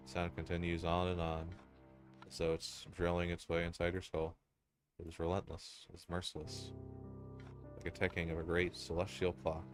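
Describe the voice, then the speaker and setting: A man narrating a dark second-person story in a solemn, ominous and deliberate way. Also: low voice. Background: music.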